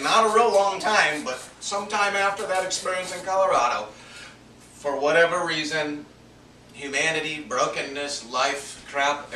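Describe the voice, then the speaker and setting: Man preaching a personal testimony, confessional, somewhat high voice, recorded from a distance with faint noise. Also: pushed and bright, roomy sound. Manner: earnest, confessional, drops to near-whisper for inner thoughts. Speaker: minister telling a personal story. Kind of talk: sermon testimony storytelling.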